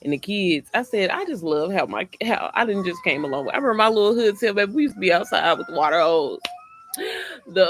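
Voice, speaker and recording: A woman's voice: on the low side, a bit bright. A woman hosting a casual livestream from home, rambling and often repeating herself as she chats with viewers. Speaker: online business creator hosting a livestream. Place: at home, indoors.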